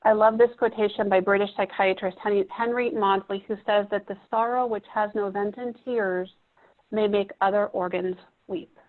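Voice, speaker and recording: The audio is muffled, like a phone recording, as a woman presents at a training. She speaks at a moderate pace in a medium pitch with fairly even intonation, reflecting and teaching while asking the therapists in the room questions.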